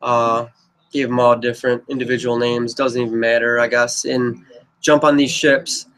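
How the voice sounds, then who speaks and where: Flat-voiced man rambling through a pitch. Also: normal speed, poor audio. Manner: rambling, heavy on "you know" and "but yep". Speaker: filmmaker pitching his own script. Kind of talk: casual rambling pitch to camera.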